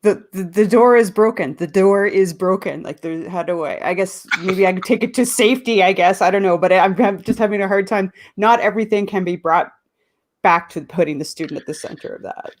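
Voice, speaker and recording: A woman's voice: on the low side, brisk. A woman, an educator co-hosting a podcast, chatting casually and hesitantly, often restarting as she searches for words. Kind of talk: casual chat.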